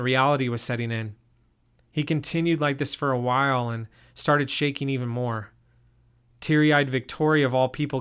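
Calm male storyteller. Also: medium pitch, smooth. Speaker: narrator. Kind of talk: first-person story narration.

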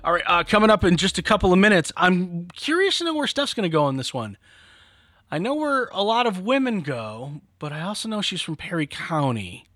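A man's voice: sits high, sing-song, a little fast, bright, forceful tone, no room sound, clean studio sound. A man co-hosting a podcast in casual chat, joking and restarting his sentences a lot. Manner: chatty, stammering restarts, jokey. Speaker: podcast co-host.

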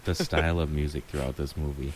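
A man's voice: very deep voice, flat delivery, fast talker, darkish tone, a little hiss or hum. A man chatting casually about a movie, musing aloud with frequent ums and light laughs. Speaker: co-host reviewing a movie. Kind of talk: casual chat.

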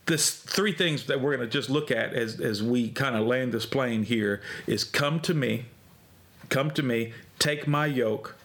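A man's voice: mid-range voice, unhurried, a bit bright. A man preaching a sermon, conversational and emphatic, repeating key phrases with rising intensity. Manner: conversational with restarts and fillers.

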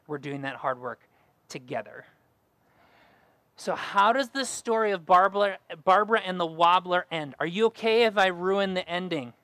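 A man's voice: high voice, animated, moderate pace, pushed and bright, no echo. A young adult man preaching a sermon as pastor, earnest and fond of repeating key phrases.

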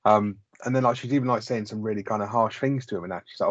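Male podcast co-host, rapid, loose and sweary, low voice, muffled dry recording. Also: no echo. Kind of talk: casual chat about a sitcom. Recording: slightly muffled lo-fi audio.

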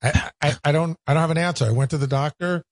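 A man's voice: fairly high pitch, fast. A man on a radio show, stammering and sheepish in casual talk.

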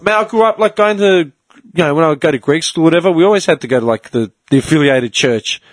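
A man's voice: fairly high pitch, fast. A man, chatting animatedly as a podcast co-host, laughing and swearing freely. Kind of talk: casual chat.

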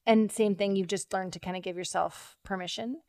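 A woman's voice: mid-range voice, fairly even intonation, brisk, a little mellow, no room sound, studio quality. A woman in her thirties hosting a conversation, chatty and encouraging. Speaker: host. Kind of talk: conversational interview.

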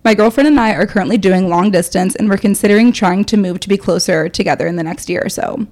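A woman's voice: mid-range voice, fast. Chatty young woman podcast co-host. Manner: animated storyteller, reads listener emails aloud. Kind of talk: casual chat.

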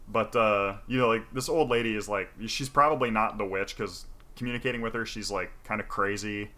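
Bright-toned man in loose, profane chat. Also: on the low side, fairly quick. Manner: loose, profane, full of fillers. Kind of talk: casual chat retelling a game story.

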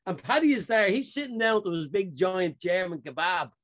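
Lively man telling sports stories. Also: high-pitched, normal speed. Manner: animated storyteller, laughs often, acts out quotes. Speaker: podcast co-host. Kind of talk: casual banter among friends.

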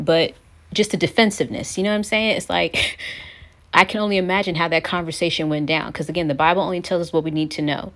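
A woman's voice: on the low side, fairly even intonation, fast, a bit bright. A young woman giving an earnest Christian devotional talk, sometimes acting out the voices she quotes. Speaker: Christian speaker.

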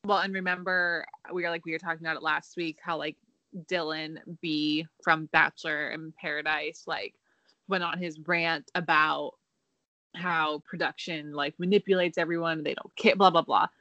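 A woman's voice: low voice, steady tone, normal speed, pushed and bright, no room sound. A young woman co-hosting a casual chat, musing aloud and trailing off as she thinks. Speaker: podcast co-host.

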